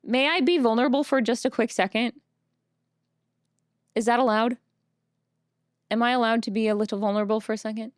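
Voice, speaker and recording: A young woman streaming, chatting casually with her viewers in a soft, rambling way, tearful and full of self-doubt. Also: fairly high pitch, steady tone, fairly quick, long pauses, no room sound, studio quality.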